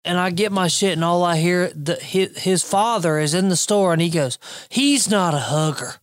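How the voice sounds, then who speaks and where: Young man, podcast co-host, profane storyteller, deadpan, casual banter. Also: high-pitched, moderate pace, no echo, studio quality.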